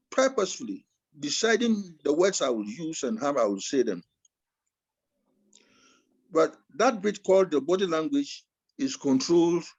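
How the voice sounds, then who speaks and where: A man teaching a master class over a video call, with a voice set fairly high for a man that rises and falls constantly as he stresses each point. He slows down and pushes hard on key words, like someone performing his lecture. The call audio sounds muffled and dull. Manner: animated, swings voice up and down for emphasis.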